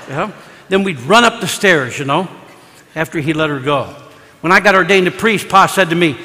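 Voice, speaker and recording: High, bright-voiced older priest in a ringing church. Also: male voice, lively intonation, fairly quick. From Kansas City, USA. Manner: conversational, folksy, peppers talk with "you know". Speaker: priest giving a parish mission. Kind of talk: storytelling sermon. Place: large church. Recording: reverberant church hall.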